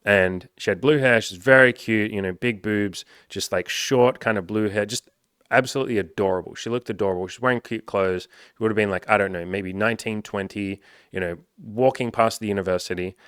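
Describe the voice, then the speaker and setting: A man's voice: on the low side, a little fast, a bit bright, clean tone, dry recording, clean studio sound. A man, a dating coach, telling a story in a loose, chatty way, swearing freely and filling with "like". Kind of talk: casual storytelling to camera.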